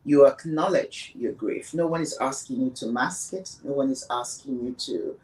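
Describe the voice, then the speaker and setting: A woman's voice: a bass voice, moderate pace, darkish tone, distant mic, poor audio. A woman guest on a podcast, talking earnestly and emphatically about grief, repeating words for stress. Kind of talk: reflective conversation on grief.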